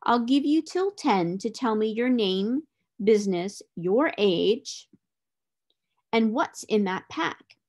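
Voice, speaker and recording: Woman putting on a storybook gorilla, huge, fierce, bossy, loud, gruff. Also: fairly high pitch, lively intonation, takes it slowly. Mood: gruff demanding.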